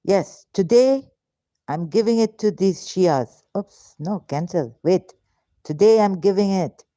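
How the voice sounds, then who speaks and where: A woman's voice: medium pitch, lively intonation, slow pace, dark tone, no room sound, muffled recording. A woman vlogger delivering an angry, frustrated, confrontational monologue straight to her viewers. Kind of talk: ranting monologue to camera.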